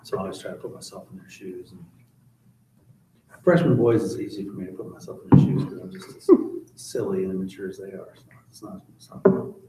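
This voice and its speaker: A man's voice: sits low, fairly even intonation, quick pace, roomy sound, distant mic, noisy background. A man who teaches math, talking casually and with a joking, rambling manner in a class discussion.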